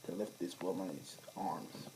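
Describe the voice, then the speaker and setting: A sinister male supervillain hisses his threats in a breathy whisper, as a man puts him on. His delivery is slow and taunting, and his pitch drops below an ordinary speaking voice. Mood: persuasive menace. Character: sinister scheming male supervillain, hissing menace.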